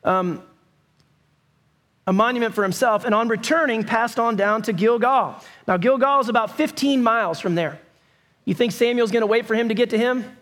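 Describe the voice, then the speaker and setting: A man preaching a sermon, telling the story in a lively, conversational way with bursts of raised voice. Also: very high voice, normal speed. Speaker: pastor.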